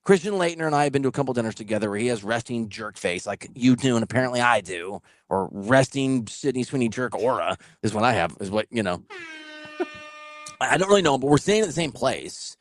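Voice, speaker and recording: Male podcast host, mid-pitch, voice swinging widely as he spins funny stories, dry close sound. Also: brisk, no room sound. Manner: animated, laughing storyteller who swears. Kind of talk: casual storytelling chat.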